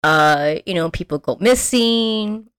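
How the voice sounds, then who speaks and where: A young woman playing an overeager Southern lady who lives in a haunted house. The put-on Louisiana drawl sits high and bright, and she sounds keen to draw strangers in. The room sound is dry and close. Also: lively intonation, slow, smooth, no echo. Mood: eager.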